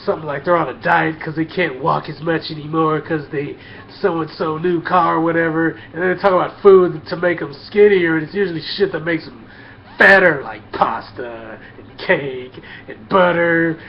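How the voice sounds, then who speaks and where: Brief: crude ranting guy, blunt and repetitive, slightly high voice, muffled lo-fi recording. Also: moderate pace, slight background noise. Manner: crude, blunt, repeats himself. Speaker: vlogger. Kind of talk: profane comedic rant. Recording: dull lo-fi.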